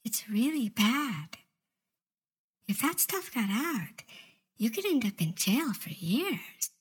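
A woman doing an obsessive young intern in an audio role-play, speaking in a breathy, fairly high voice. She drawls slowly and sugary-sweet, dropping into coy whispers as she manipulates. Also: exaggerated voice. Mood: confiding.

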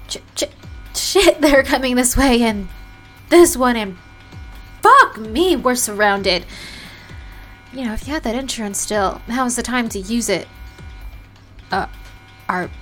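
A fiery young elf hacker, bold and foul-mouthed, tossing quick teasing banter at her partner in an audio role-play, as a woman plays her. Her voice sits a little high, with faint music under it. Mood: panicked. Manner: swearing, teasing banter with laughs. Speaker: voice actor.

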